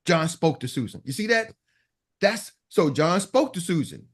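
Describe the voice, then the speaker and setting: Brief: male coach, high-pitched, emphatic and repetitive, motivational group-call style. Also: expressive, moderate pace, slightly rough. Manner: emphatic, repeats himself, acts out customer lines. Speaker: sales coach and host.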